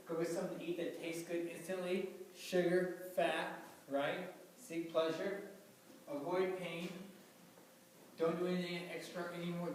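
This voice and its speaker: A man, a doctor, gives an informal health lecture to a live audience, talking casually with many fillers and questions to the listeners. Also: on the high side. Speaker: doctor giving a health talk. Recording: very echoey room, mic far off, faint background hum.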